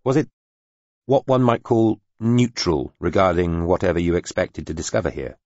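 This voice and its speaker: A man voicing a patient male envoy who asks measured, probing questions in an audiobook. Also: deep voice, a little mellow, no echo, muffled recording, natural voice.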